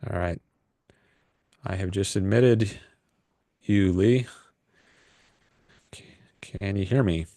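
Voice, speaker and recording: A man's voice: low-pitched, slow, pauses often, mellow, dry recording. A man hosting a call-in livestream, rambling and hesitant with lots of fillers. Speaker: livestream host taking calls. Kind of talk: casual livestream chat.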